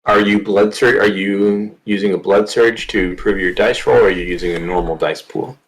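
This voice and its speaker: A man's voice: on the low side, steady tone, normal speed, low-quality recording. A man running a tabletop horror game, narrating scenes vividly and checking rules with players. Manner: vivid, dramatic narration mixed with rules talk. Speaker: game master.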